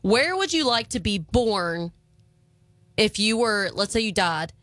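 A woman's voice: mid-range voice, sing-song, a little slow, fairly bright tone, dry recording. Playful woman radio co-host, dry sound. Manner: playful, giggly. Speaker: radio morning show co-host. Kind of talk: casual on-air banter.

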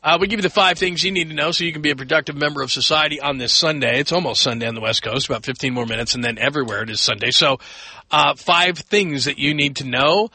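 A man's voice: fairly high pitch, fast, bright, forceful tone, slightly rough, no room sound. A man hosting a late-night sports radio show from a studio, chatting loosely with plenty of fillers and restarts. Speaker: radio sports talk host.

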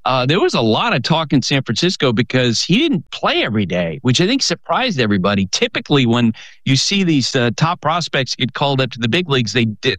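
A man's voice: mid-range voice, a bit bright, no echo. Conversational male sports talk host.

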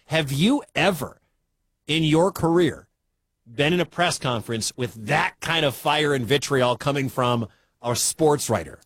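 A man's voice: on the high side, a little slow, a bit bright, husky, dry recording. A man from the Midwestern US hosting a sports talk radio show, chatty and incredulous.

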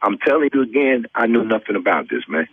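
A man's voice: fairly low pitch, sing-song, quick pace, breathy edge, no echo. A man on a phone call who argues defensively and keeps repeating "man" and "dude". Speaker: prank call target. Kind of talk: phone conversation. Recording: tinny phone line.

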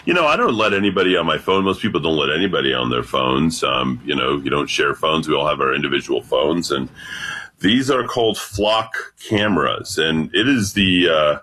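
Deep-voiced husky man on late-night radio. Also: normal speed. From United States. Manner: deep voice remarked on by host, lively delivery. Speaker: radio show regular guest.

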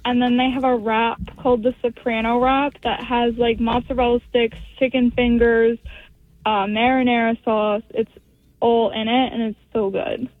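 A woman's voice: a little high, little pitch movement, normal speed, no room sound. A young woman student calling in to a radio show, chatting eagerly. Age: young adult. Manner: eager, chatty about food. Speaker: caller, student. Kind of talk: call-in radio chat. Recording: phone line.

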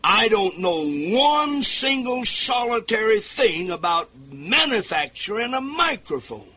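A man delivering a radio sermon at a desk microphone, his voice high and piercingly bright with a husky edge. He preaches fervently in a rising singsong, swinging his pitch widely and breaking into sudden shouts. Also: sing-song, a little slow, faint music behind.

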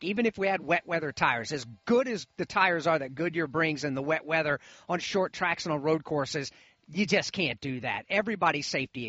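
High, bright-voiced male race analyst. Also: no room sound, dull audio. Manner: emphatic, folksy, enthusiastic. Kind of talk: live radio sports commentary.

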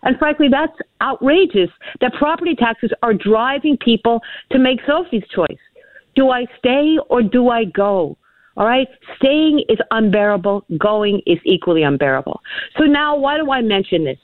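A woman's voice: on the high side, lively intonation, moderate pace, dry recording. A woman from New Hampshire calling in as a political guest. She tells long, digressive stories, laughs often and repeats words as she starts her sentences. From New Hampshire, USA. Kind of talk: chatty storytelling and political commentary. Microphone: telephone. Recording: tinny phone line, dry.

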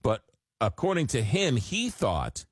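A man hosting a call-in radio talk show, talking in an animated, exasperated way with frequent restarts. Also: medium pitch, unhurried, husky, no room sound, clean studio sound.

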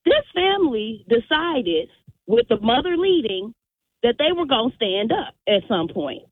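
High-voiced woman caller, tinny phone line, animated storytelling, acts out quotes. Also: a little slow, husky, no room sound. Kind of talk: call-in radio story.

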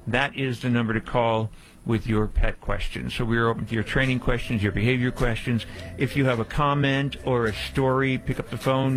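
A man's voice: medium pitch, fairly bright tone, poor audio. A man hosting a call-in radio show, telling a rambling anecdote full of fillers and giving out the call-in number. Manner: upbeat plug with slow repeated phone number.

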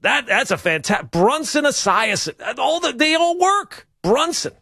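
A man's voice: very high-pitched, very animated, unhurried, vocal fry, bright, forceful tone, breathy edge, dry recording, studio quality. A man hosting a sports talk radio show. He rambles and riffs with wry humor in a casual monologue.

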